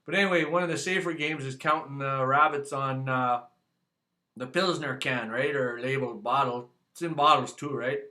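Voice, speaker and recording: A man's voice: medium pitch, fairly even intonation, normal speed, pushed and bright. A man with a Canadian accent, chatting casually as he reviews a beer for his channel, rambling and joking and ending his sentences with "eh". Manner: rambling, jokey, tags sentences with "eh". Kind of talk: casual chat to camera.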